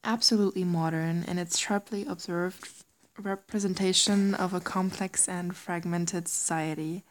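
A woman's voice: on the low side, fairly even intonation, a little slow. A woman casually reading aloud, often hesitating and stumbling over words with self-deprecating asides.

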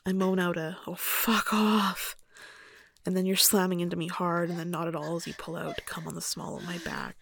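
A young woman narrating an intimate first-person story in a soft, hushed voice that often slips into a whisper, then chatting casually with many fillers. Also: lowish voice, vocal fry. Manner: chatty and halting with fillers when speaking off-script.

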